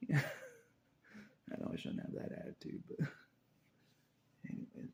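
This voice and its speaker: A very low, gravelly man's voice, dark in tone, rising and falling widely as he talks. He rambles through a confessional monologue, circling back to the same phrases and chuckling softly between thoughts. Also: huge pitch swings, normal speed, long pauses, a little hiss or hum.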